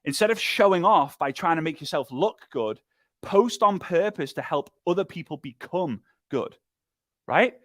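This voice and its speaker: A man giving an energetic, emphatic motivational training talk, full of repetition and quick mimicry. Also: on the high side, no echo, clean studio sound. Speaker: speaker and business trainer.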